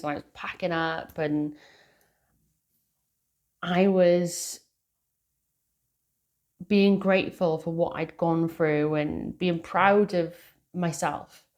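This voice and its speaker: Middle-aged British woman, tarot reader, lower voice, earnest, unhurried and casual. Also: a little mellow. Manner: earnest and heartfelt, slow with many fillers. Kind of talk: casual spiritual message to viewers.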